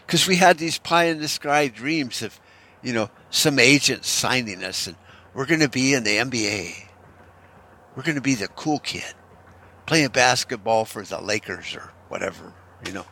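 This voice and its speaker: A man rants off the cuff in a bright, forceful voice, swearing freely and doubling back on his words. His delivery is sarcastic and rambling, at an everyday pitch. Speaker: commentator. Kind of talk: unscripted ranting commentary.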